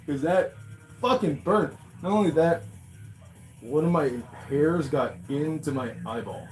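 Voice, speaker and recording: A man with a fairly high voice talks off the cuff, swearing all the time and laughing between lines. He slides from low, quiet mumbling into loud, high-pitched outbursts. Faint music sits under him. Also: unhurried, low-quality recording. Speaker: host reacting to reddit stories. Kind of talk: casual profane reaction monologue.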